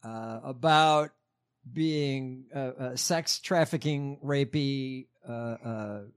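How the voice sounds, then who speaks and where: A man's voice: medium pitch, slow pace, clear, resonant tone. A man co-hosting a casual news podcast, bringing up stories with many ums and uhs and dry asides. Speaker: podcast co-host presenting stories.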